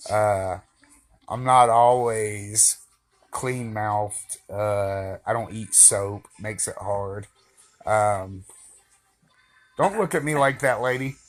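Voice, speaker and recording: A man's voice: lowish voice, slow, long pauses. A man vlogging a casual, meandering monologue to camera, full of fillers and joking asides but candid and reflective.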